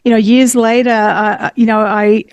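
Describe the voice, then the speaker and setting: A woman hosting a conversation, telling a personal story in an earnest, animated way. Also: a little high, normal speed, smooth, no room sound, lo-fi sound. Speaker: host.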